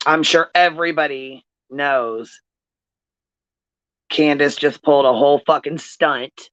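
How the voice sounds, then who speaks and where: A man's voice: on the high side, fairly even intonation, a little slow, fairly bright tone, no room sound. A man hosting a commentary channel, venting in an angry rant with heavy swearing and repeated phrases. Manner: angry, profane, repetitive. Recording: dull lo-fi audio.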